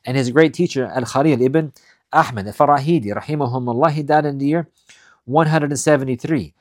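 A man teaching a religious lesson. He reads Arabic passages quickly, then explains them in English, repeating his key points with emphasis. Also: medium pitch, no room sound, studio quality. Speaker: Islamic studies teacher. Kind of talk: recorded lesson explaining classical texts.

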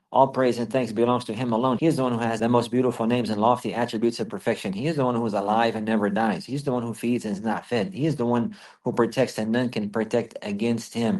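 A man's voice: mid-range voice, a little mellow. A man teaching a religious lesson who recites Arabic phrases and then explains them in English, repeating each key point. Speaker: Islamic teacher.

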